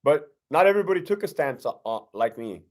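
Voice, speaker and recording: Reading out viewer questions on his casual live stream, this middle-aged man, once a prison lieutenant, speaks bluntly, swears heavily, and uses streetwise slang. His voice is a little high, very animated, and fast.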